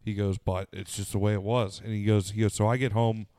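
رجل أمريكي متعب يروي بصوت عميق وواضح وجاف. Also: male voice, lowish voice, level tone, brisk, warm tone, no echo. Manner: rambling storytelling, heavy swearing and fillers. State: tired with sniffles. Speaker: podcast co-host. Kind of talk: casual podcast chat.

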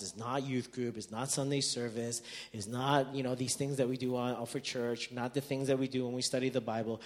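Animated man preaching with lively storytelling. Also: medium pitch. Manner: animated storytelling, acting out quoted dialogue with big swings in loudness. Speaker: pastor. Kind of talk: sermon.

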